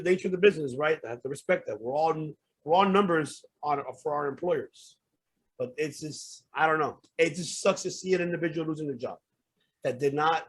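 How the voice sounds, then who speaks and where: A man's voice: fairly high pitch, slightly rough. A man hosting a podcast, ranting with heated, profane outbursts. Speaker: podcast host. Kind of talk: casual podcast rant.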